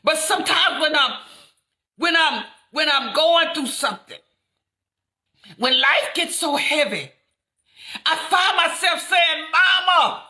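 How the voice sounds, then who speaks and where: A woman preaching fervently, repeating lines and building up to shouts. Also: sits high, animated, slow pace, long pauses, roomy sound. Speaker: inspirational speaker. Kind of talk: impassioned preaching.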